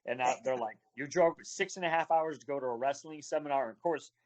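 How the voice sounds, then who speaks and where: A man's voice: on the high side, fast. A man telling road stories over a video call, acting out other people's lines as he goes. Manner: animated storyteller acting out quoted voices. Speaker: wrestling referee, guest.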